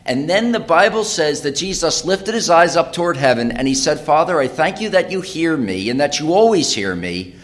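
A man preaching a sermon, reading scripture aloud and explaining it, rising to loud dramatic cries and often repeating phrases. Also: fairly high pitch, sing-song, normal speed, few pauses.

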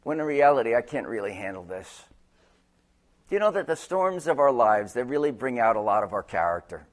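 A man preaching a sermon, moving between loud urgent peaks and quiet, low passages. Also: animated, fast talker. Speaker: pastor.

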